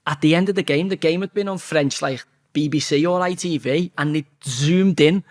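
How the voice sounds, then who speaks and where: A man telling a blunt, sweary story as an interview guest, talking fast and animated. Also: fairly high pitch. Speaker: interview guest, former footballer.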